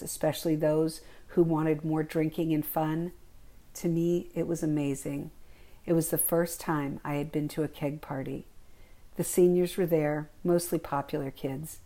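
A woman reads aloud from her own memoir in a calm, reflective first-person telling. Her voice sits low and stays level, with little rise or fall. The tone is dark and mellow throughout. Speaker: memoir author reading her own work. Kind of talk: memoir reading.

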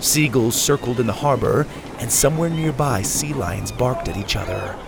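A man narrating a children's adventure story in an animated, expressive way. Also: medium pitch, moderate pace, gravelly, noisy background.

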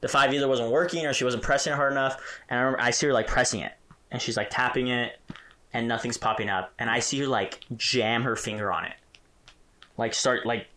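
A man co-hosting a casual podcast, telling an animated story and chuckling as he goes. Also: mid-range voice, fairly quick. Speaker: podcast co-host. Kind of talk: casual chat.

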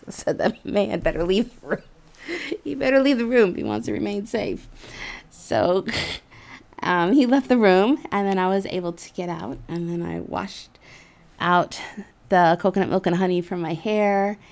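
A woman casually telling a personal story in an animated, giggly way, with lots of "like" and "you know". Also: mid-range voice, a little slow, vocal fry. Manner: animated, giggly, with frequent fillers like "like".

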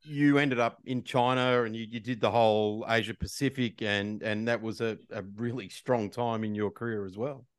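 Male podcast host, smooth resonant voice, conversational prompts. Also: mid-range voice, fairly even intonation, moderate pace, few pauses. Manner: prompting the guest.

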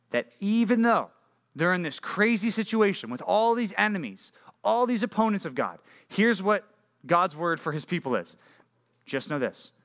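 A youth pastor preaches to junior high students in a relaxed, conversational way, stopping often to ask them questions. His voice sits a bit high for a man and comes across bright and forceful. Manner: casual and conversational, asks listeners questions. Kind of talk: youth sermon. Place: church youth group meeting.

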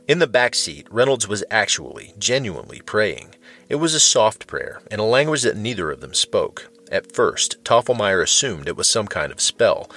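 Deep-voiced man narrating a story. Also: a bit bright, breathy edge. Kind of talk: scripted narration.

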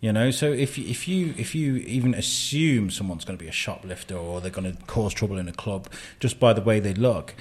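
A man hosting a studio interview, chatty and quick to laugh with his guests. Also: fairly low pitch, a little mellow, breathy edge. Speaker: host.

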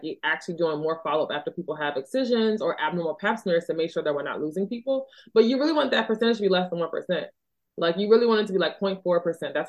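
Woman from Philadelphia, podcast host, doctor, earnest casual chat, slightly low pitch. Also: lo-fi sound. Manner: earnest, chatty, heavy use of "like" and "you know".

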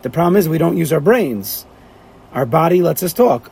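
A man's voice: a little high, lively intonation, moderate pace, vocal fry, a little mellow, breathy edge. A man teaching a class, talking animatedly and firing off rhetorical questions. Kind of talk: lively class lecture.

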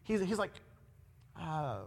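Animated preacher in a reverberant hall. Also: male voice, on the high side, slow pace, creaky. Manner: animated, acts out quoted voices with big swings in loudness. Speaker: pastor. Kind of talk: sermon.

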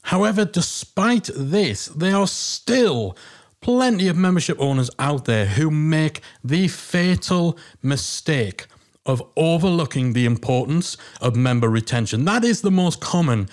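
A man's voice: fairly high pitch, expressive, measured pace. A man with a Geordie accent hosting a business podcast, talking in a chatty, emphatic, self-deprecating way. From Northeast England. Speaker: podcast host. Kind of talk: casual podcast monologue.

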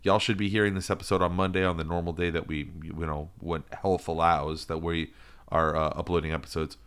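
A man's voice: low voice, little pitch movement, a little fast, fairly bright tone, clear, resonant tone. A man co-hosting a podcast in loose, rambling casual chat, full of fillers and restarts. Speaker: podcast co-host.

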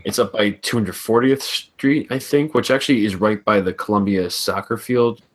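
Deep-voiced man, easygoing chat. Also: normal speed, breathy edge. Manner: easygoing, explanatory, hedging with "I think". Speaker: podcast co-host. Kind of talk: casual chat.

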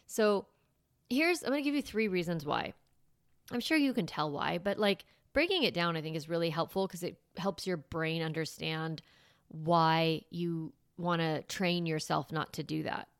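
A woman's voice: lowish voice, expressive, normal speed, clear, resonant tone, no echo, clean studio sound. A woman hosting a parenting podcast, talking casually with lots of fillers and restarts. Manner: chatty, many fillers and restarts. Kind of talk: casual advice monologue.

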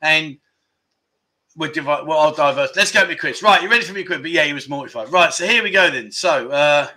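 A middle-aged man hosts a laid-back livestream, chatting and joking with his viewers. His voice sits a little high and comes across bright and forward. He laughs easily as he rambles through stories and comments. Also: fairly quick. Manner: chatty, jokey storyteller, laughs often. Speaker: livestream host. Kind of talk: casual chat reading viewer comments.

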